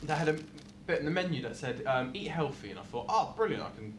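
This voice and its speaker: Young male co-host, lively sweary storyteller, noisy home recording. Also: on the high side, quick pace. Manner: swears freely, animated storytelling. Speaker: podcast co-host. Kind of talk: casual chat.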